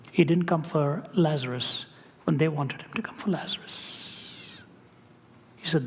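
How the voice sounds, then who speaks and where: A man's voice: on the high side, vocal fry, slight background noise. A man telling a personal story in a sermon, earnest and conversational, with wry asides. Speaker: Christian speaker. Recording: reverberant hall.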